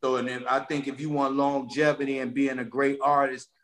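D.C.-male rapper guest, bright and forceful, animated storyteller. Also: medium pitch, a little fast. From Washington, D.C. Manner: animated, streetwise storytelling with slang. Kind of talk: casual podcast interview.

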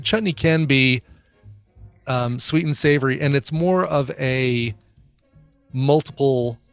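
A man's voice: mid-range voice, no room sound. A man co-hosting a podcast in casual chat, musing and making playful arguments. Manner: chatty, musing, argues playful points. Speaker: podcast co-host.

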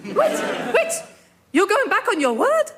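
A woman's voice: extremely high pitch, huge pitch swings, measured pace, noisy background, heavily acted. A woman playing a fiery, blustering French count and swordsman with an outrageous mock French accent in a radio sketch. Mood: hot-headed. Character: hot-headed male French count, master swordsman.

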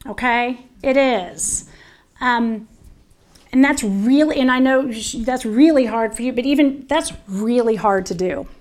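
A woman's voice: fairly high pitch, a little slow, a little mellow. A woman with a Southern US accent presenting on dementia care to an audience, earnest and conversational with frequent restarts.

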